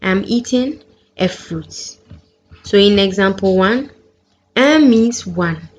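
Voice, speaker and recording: Woman language teacher, slow deliberate delivery, muffled lo-fi recording with light hiss. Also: medium pitch, expressive. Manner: clear, careful pronunciation of each example. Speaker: French teacher. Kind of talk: slow, deliberate lesson narration. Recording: dull lo-fi sound with faint background noise.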